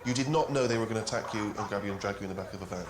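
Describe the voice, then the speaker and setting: A man's voice: fairly low pitch, racing, roomy sound, background noise. A man asking dry interviewer-like questions in a casual comedy chat. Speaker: comedy commentary host.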